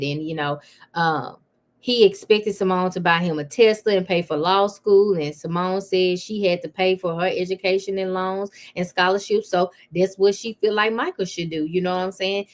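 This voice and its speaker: A woman hosting a live celebrity gossip stream, chatting casually and calling her viewers y'all, with plenty of fillers. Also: lowish voice.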